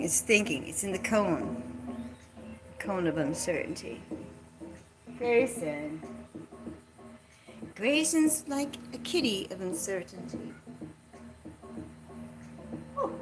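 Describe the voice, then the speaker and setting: A woman's voice: medium pitch, big pitch swings, slow, long pauses, music in the background, low-quality recording. A woman vlogging in a casual, chatty and playful way, rambling and laughing often. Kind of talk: casual chat.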